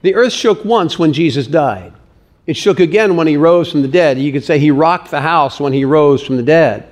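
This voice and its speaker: A man preaching an Easter sermon as pastor, telling stories with lively acted-out quotes. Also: a little high, normal speed. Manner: animated storytelling with acted-out quotes.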